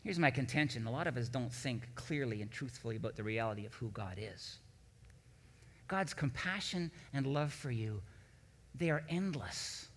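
Man, pastor, sermon, emphatic rising peaks, middle pitch, long church-hall reverb. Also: lively intonation, normal speed, a bit bright. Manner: preaching with swelling emphatic peaks.

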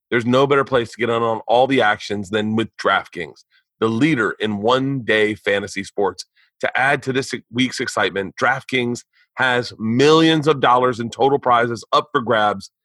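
A man's voice: medium pitch, bright, forceful tone, no room sound. A man hosting a podcast, reading ads and chatting casually, loose and profane with stumbling restarts. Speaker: podcast host. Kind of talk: casual chat and read ads.

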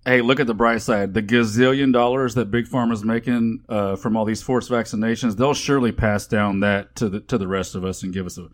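A man's voice: fairly low pitch, steady tone, a little fast, hardly any pauses. A man co-hosting a podcast, talking in an eager, joking, casual way. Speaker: podcast co-host.

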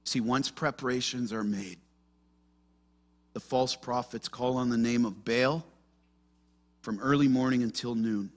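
A man preaching an expository sermon as pastor, animated and acting out the voices in the story. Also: medium pitch, measured pace, long pauses. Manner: animated, acts out quoted voices.

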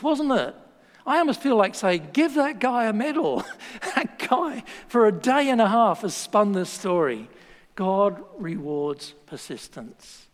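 Australian preacher in an echoing hall. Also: male voice, a little high. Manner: lively storytelling with laughs and asides. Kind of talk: sermon. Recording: long hall reverb.

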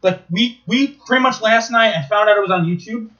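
A high-pitched man with a bright, forceful voice tells rambling stories full of swearing and restarts. He talks casually and with animation, and his voice comes through a dull, lo-fi recording. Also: a little fast. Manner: rambling, profane, animated storytelling. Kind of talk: casual chat.

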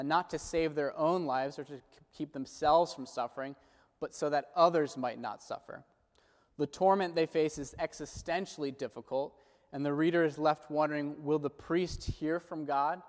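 A man delivers a sermon in an earnest, measured manner, easing his pace whenever he quotes scripture or prayers. His voice is slightly high, and the recording carries a long reverb like a large hall.

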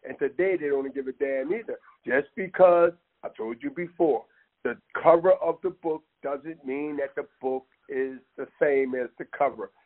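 At normal speed and in a mid-range voice, a man rambles with passion and emphasis, frequently calling the listener "man." The casual, impassioned talk sounds tinny, like a phone line.

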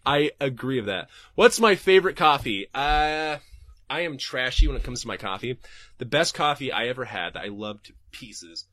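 A young man hosting a podcast, answering listener questions in a casual, profane, animated rant from his home desk. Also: medium pitch, normal speed, no echo, clean studio sound.

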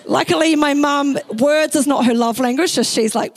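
A young woman pastor from New Zealand with a New Zealand accent, preaching a sermon in a chatty, animated way and acting out the quotes in her stories. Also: a little high, normal speed, gravelly, few pauses, rough recording. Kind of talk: sermon with personal story. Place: church.

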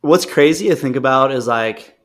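A man with a mid-range voice co-hosts a casual podcast talk show at a normal speed. He tells rambling stories and acts out the people he quotes in them.

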